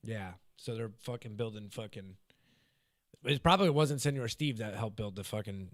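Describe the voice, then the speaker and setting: A man hosting a podcast, telling a work story in casual chat, swearing freely and getting loud when he mimics coworkers. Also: lowish voice, animated, normal speed, dry recording, studio quality. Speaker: podcast host. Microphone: studio podcast mic.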